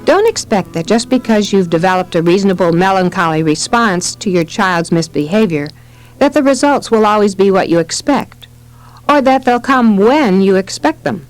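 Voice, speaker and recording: Expressive woman narrating a parenting audiobook. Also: medium pitch, moderate pace, no room sound, faint music behind, poor audio. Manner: expressive storytelling reading. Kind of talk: scripted narration.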